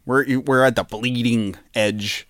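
A man's voice: mid-range voice, fairly even intonation, slow, a bit bright, dry recording, studio quality. A man hosting a show alone, rambling playfully with lots of fillers and restarts. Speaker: podcast host. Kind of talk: casual solo rambling.

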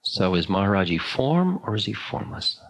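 Older guy giving a dharma talk, low and slow, lots of pauses. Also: very animated, slightly rough, rough recording. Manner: musing, slow, with long pauses. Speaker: spiritual teacher.

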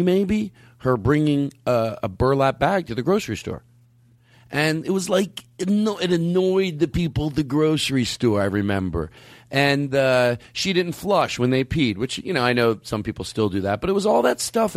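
A man's voice: on the high side, no echo, studio quality. A man in his fifties hosting a podcast, telling stories in a rambling, self-interrupting way. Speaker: podcast host. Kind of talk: casual chat.

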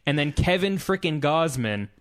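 A man's voice: a little high, animated, normal speed. A man in his twenties co-hosting a casual sports podcast into a studio mic, rattling off game results and laughing easily. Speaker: podcast co-host. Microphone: studio mic with pop filter.

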